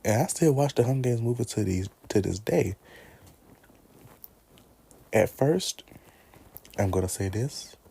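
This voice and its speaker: A man in his twenties chatting casually in a vlog, animated, talking back to characters and laughing often. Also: mid-range voice, a little slow, gravelly, pauses often, breathy edge. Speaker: vlogger ranking favorite movies. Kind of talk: casual chat.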